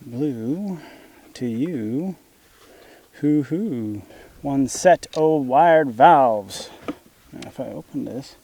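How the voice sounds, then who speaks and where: Working outdoors in an orchard, a DIY homesteading vlogger casually narrates the job, thinking aloud and chatting to his dog. His medium-pitched voice is warm, husky and expressive, drawing out words and pausing often.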